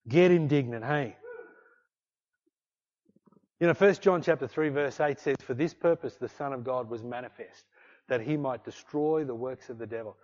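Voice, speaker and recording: A man preaches with fervent repetition, driving home his refrains and dropping to quiet intensity between loud surges. His voice sits a touch high. The recording is muffled and lo-fi, like an old church tape. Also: measured pace, long pauses. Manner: impassioned, repetitive exhortations with swings between loud and hushed. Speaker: pastor. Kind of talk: sermon.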